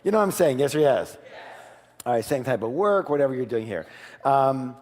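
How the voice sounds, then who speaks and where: Middle-aged man, motivational seminar speaker, mid-pitched voice, long echo of a big hall, chatty and energetic. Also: a little fast. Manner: energetic, chatty, keeps asking the audience "yes or yes?".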